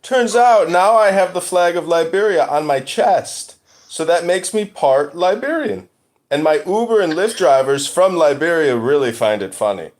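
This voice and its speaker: A man hosting a podcast, joking in a deadpan, provocative way during casual group chat. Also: a little high, normal speed. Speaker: podcast host.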